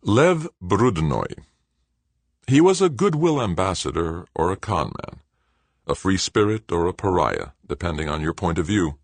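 A man narrating an audiobook in a steady, measured storytelling voice, recorded close on a studio mic. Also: low-pitched, dry recording. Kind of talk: scripted narration.

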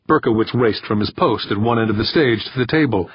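Husky male audiobook narrator. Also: mid-range voice, fairly quick, few pauses, dry recording. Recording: dull, dry, slightly muffled recording.

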